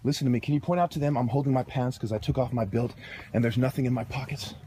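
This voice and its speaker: Fast-talking argumentative man. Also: medium pitch, steady tone, dark tone, a little hiss or hum. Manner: insistent, argumentative, lecturing. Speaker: son filming an argument with his mother and police. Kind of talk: heated home recording.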